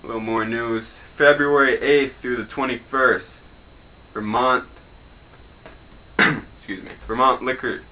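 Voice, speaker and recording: A man's voice: mid-range voice, fairly even intonation, unhurried, pauses often, bright, forceful tone, slight background noise, rough recording. A young man hosting a homemade news show in a rambling, crude, joking way. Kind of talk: casual mock newscast.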